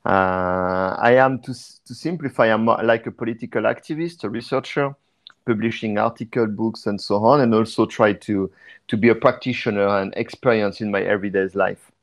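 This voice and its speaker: A man speaks in a somewhat low voice, pausing often with "uh" between phrases. He talks as a guest on a podcast, and the sound comes through a video call. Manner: hesitant, with frequent "uh" fillers. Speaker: guest, degrowth activist and researcher. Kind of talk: casual podcast interview.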